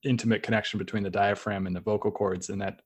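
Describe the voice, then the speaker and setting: A man's voice: lowish voice, flat delivery, quick pace, slightly rough. A man hosting an interview, asking long questions with many hesitations and fillers. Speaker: podcast host. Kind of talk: conversational interview.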